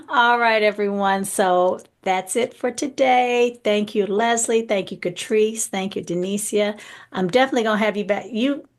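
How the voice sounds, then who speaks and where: A woman's voice: mid-range voice, normal speed. A woman hosting a talk show, chatting with her guests and thanking them. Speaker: host.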